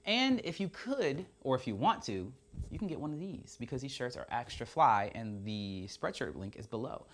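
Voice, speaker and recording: A young man hosting a drone channel, telling a story to camera in a casual, animated way and acting out the voices in the exchanges he quotes. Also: medium pitch, normal speed.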